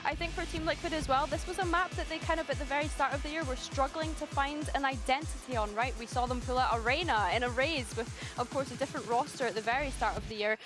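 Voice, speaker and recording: A woman's voice: sits high, quick pace, hardly any pauses, over music. A woman esports analyst giving thoughtful, detailed commentary in long explanations.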